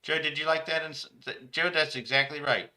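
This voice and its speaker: A man's voice: fairly high pitch, steady tone, brisk, pushed and bright, pitched above the performer's own voice. A man voicing an over-eager male sports pundit who stumbles over repeated words and keeps calling the listener by name.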